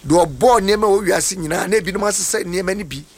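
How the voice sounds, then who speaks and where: Man, gravelly, fairly high, radio preacher, repetitive phrasing. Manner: explains slowly, repeats phrases for emphasis. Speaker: pastor teaching on a radio program. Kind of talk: preaching, mixing Twi and English. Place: radio studio.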